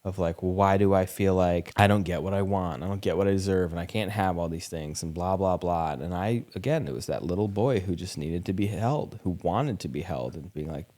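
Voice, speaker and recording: A young man with a very low voice hosts a candid podcast conversation. He talks openly and with animation, acting out little quoted lines and dropping casual swears. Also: a little fast, few pauses, darkish tone. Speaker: podcast host.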